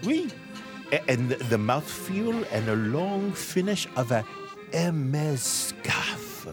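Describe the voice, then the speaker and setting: A man voicing a pompous male sommelier with a put-on French accent, speaking in a drawn-out, condescending way. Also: on the high side, very animated, over music, pitched above the performer's own voice. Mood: haughty.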